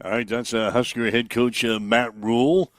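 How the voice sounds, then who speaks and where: A man hosting a sports talk show, introducing clips and reading community announcements in a steady, measured way. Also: mid-range voice, slight background noise. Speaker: sports radio host.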